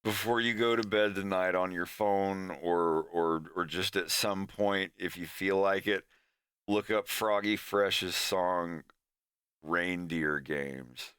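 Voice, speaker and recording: A man's voice: deep voice, slow pace, fairly bright tone, clean tone, no echo, clean studio sound. A man from Florida with a Southern drawl, chatting casually on his stream and often restarting his sentences. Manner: rambling, restarts often, laughs easily. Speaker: animator and streamer.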